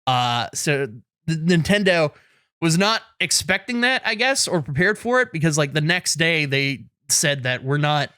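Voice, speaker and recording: Guy on a podcast, bright tense voice, bit high, laughs at himself a lot, dry close mic. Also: moderate pace, smooth, no room sound. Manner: animated self-deprecating storytelling, laughs often. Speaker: podcast co-host. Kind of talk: casual podcast chat. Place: in Canada.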